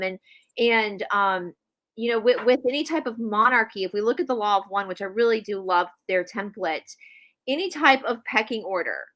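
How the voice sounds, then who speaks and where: A woman's voice: on the high side, pushed and bright. A woman co-hosting a spiritual talk show, speaking emphatically and repeating phrases for stress. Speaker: co-host. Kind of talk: casual spiritual discussion.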